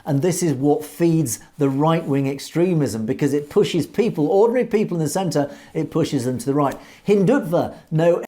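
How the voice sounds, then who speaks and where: Mellow-voiced man giving political commentary. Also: a little high, animated, normal speed, few pauses. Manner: articulate, earnest, lightly hesitant. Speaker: online news commentator.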